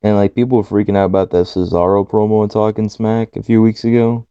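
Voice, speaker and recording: Casual podcast co-host: a man with a low, gravelly, dark voice, blunt and foul-mouthed, on dull dry audio. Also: little pitch movement, quick pace, no echo. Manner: blunt, swears freely, laughs often. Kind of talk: casual chat.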